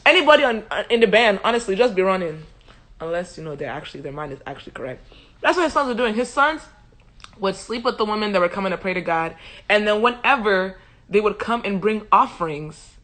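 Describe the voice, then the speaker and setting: A woman hosting a casual livestream Bible commentary, animated and joking with slangy asides and frequent laughter. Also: medium pitch, brisk. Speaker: host.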